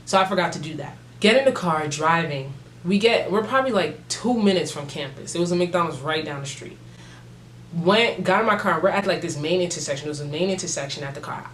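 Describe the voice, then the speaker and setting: A woman's voice: on the low side, fairly quick, slight background noise. Young woman telling a profane story. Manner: animated, profane storytelling with slang. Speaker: vlogger. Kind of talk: casual story time. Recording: roomy echo.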